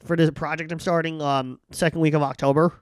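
A man's voice: on the high side, level tone, brisk, clean tone, dry recording. A man hosting a podcast, chatting casually and teasing his guest with a wry tone. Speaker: podcast host, filmmaker.

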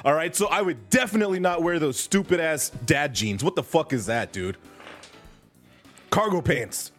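Man playing a loud, swaggering ghost ex-con who bosses a clumsy robber around, with a lively, swooping voice. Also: on the high side, moderate pace, soft background music, voice pushed down. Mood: brash. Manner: brash, profane, bossy lecturing. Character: gruff male ghost ex-con convenience store regular.

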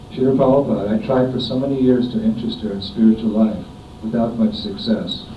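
A middle-aged man reads a devotional homage letter aloud in a measured, solemn way. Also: flat delivery. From United States. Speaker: disciple reading a homage letter. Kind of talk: reading a written devotional offering aloud. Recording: dull, echoey, distant room recording with faint rumble.

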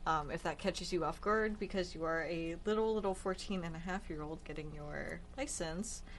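Dry-witted woman with a lowish voice. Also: normal speed, a little hiss or hum. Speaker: radio show co-host. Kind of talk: casual radio chat.

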